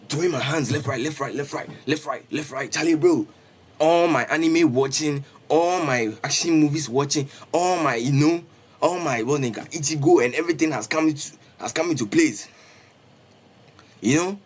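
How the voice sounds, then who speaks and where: A young man, telling a storytime on a casual livestream, animated and repetitive, dropping "bro" often. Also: mid-range voice, husky. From Ghana. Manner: animated, repetitive, peppers talk with "bro" and "Charlie". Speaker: streamer.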